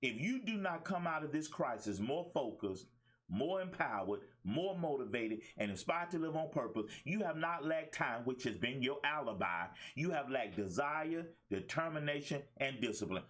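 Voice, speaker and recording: This middle-aged life coach, hosting a talk show, has a medium-pitched, somewhat bright voice with big pitch swings and a normal speed. He preaches in a fired-up monologue, speaking colloquially, with emphasis, and repeating phrases.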